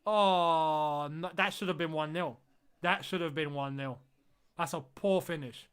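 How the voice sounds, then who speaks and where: A man's voice: a little high, measured pace, a bit bright, clear, resonant tone. A man streaming a football watch-along, reacting live to the match and repeating phrases as he groans and exclaims at the play.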